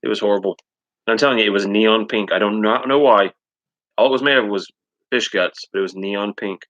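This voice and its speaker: A man's voice: fairly low pitch, a little fast, fairly bright tone, lo-fi sound. A man co-hosting a live stream, telling stories in a casual, emphatic way. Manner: storytelling, emphatic.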